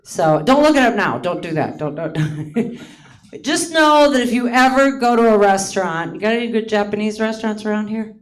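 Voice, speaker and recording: A woman's voice: medium pitch, expressive, normal speed. A woman in her late fifties from Hawaii, performing a self-mocking stand-up comedy set on a theater stage, often laughing at her own lines. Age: 50s.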